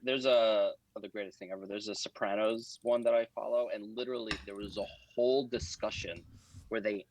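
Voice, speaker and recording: A man in a casual chat, telling stories in an animated, chatty way. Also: medium pitch, low-quality recording.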